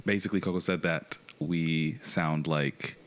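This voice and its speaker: A Canadian man hosting a podcast, relaxed and joking, laughing often. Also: rumbling low, a little slow. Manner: laid-back, laughs often, playful. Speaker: podcast host. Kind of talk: casual podcast chat.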